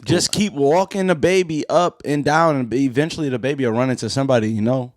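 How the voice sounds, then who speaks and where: A man's voice: medium pitch, brisk, dry recording, studio quality. A young man co-hosting a casual comedy podcast, telling stories with quoted voices and laughing often. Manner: animated storytelling with quoted voices and lots of laughing. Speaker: podcast co-host.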